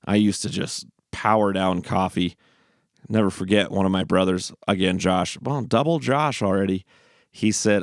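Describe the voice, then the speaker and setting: A man's voice: fairly low pitch, steady tone, moderate pace, clear, resonant tone, no room sound, studio quality. A man hosting a casual, rambling monologue, often repeating and restarting phrases. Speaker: host. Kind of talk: casual stream-of-consciousness monologue.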